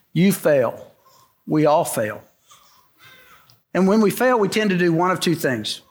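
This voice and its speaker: A middle-aged man preaching a sermon to a congregation, in an emphatic style that repeats its key lines. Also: on the high side. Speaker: pastor. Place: church sanctuary before a congregation.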